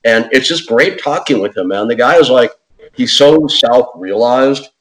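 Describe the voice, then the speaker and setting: A man telling a story as an interview guest in a casual, animated way, acting out quotes in other voices and saying "man" and "dude" often. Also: mid-range voice, unhurried, low-quality recording. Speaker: podcast host.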